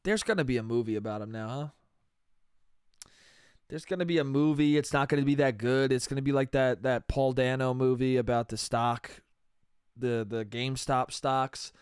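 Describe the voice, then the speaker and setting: A man's voice: mid-range voice, fairly even intonation, normal speed, darkish tone, clean tone, dry recording, studio quality. A man hosting a solo comedy podcast, rambling casually and swearing, with "dude" and "bro" at the end of his sentences. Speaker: podcast host.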